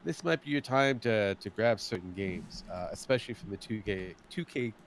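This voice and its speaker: A man's voice: lowish voice, animated, moderate pace, background noise. A man co-hosting a casual gaming podcast, talking loosely and repeating words as he thinks. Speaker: podcast co-host.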